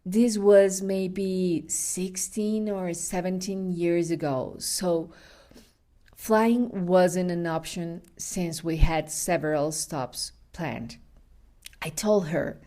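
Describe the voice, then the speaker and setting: A woman podcast host with a low, mellow voice and a slow, easy pace. She tells stories in a casual, chatty way and laughs now and then. She often stops to correct her own words. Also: fairly even intonation. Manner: unhurried, chatty storytelling with laughs and self-corrections. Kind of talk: casual food podcast with storytelling.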